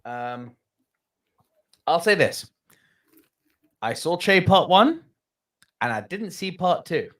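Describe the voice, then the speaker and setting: A man co-hosting a movie podcast, talking in a loose, swearing, animated way. His pitch swings widely as he gets carried away. He tells his points like stories. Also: takes it slowly, long pauses. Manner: animated, swearing, bursts into loud laughter. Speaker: podcast co-host. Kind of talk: casual chat.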